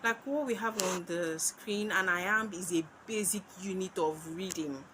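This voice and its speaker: A woman's voice: medium pitch, pushed and bright, a little hiss or hum, low-quality recording. A Nigerian woman teaching literature for exams, repeating key points and asking questions that she answers herself. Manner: slow, repetitive, asks and answers own questions. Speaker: literature tutor. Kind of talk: exam-prep lesson.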